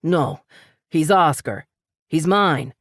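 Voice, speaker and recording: A woman's voice: low-pitched, animated, takes it slowly, no echo, clean studio sound, exaggerated voice. A woman voicing a confused, nervous man who insists a dog is his, in an audiobook. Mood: defensive. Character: stubborn confused man defending a dog he claims.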